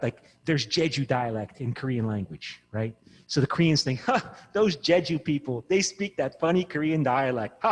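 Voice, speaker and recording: A man giving an informal university lecture in an animated, rambling way, often breaking off mid-word. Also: high-pitched, husky, in a large hall. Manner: animated, rambling, self-interrupting. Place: classroom.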